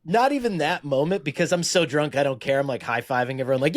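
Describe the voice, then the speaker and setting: A man's voice: medium pitch, fast, hardly any pauses. A man chatting casually on a sports podcast, telling rambling self-mocking stories with profanity. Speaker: guest football writer.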